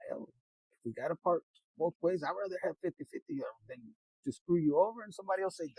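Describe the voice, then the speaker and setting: A man's voice: high-pitched, quick pace, mellow, breathy edge, dry recording, rough recording. A man giving a rambling, casual tarot reading, laughing often, swearing freely and slipping into Spanish. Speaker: tarot reader.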